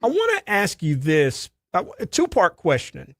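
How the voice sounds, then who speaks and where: A man hosting a radio interview, asking long, measured questions. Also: sits high, huge pitch swings, a bit bright, no room sound, clean studio sound. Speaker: radio show host.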